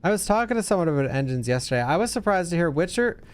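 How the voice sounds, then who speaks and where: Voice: mid-range voice, sing-song, racing. A tired, yawning game streamer giving casual, chatty gameplay commentary with swearing and rambling asides.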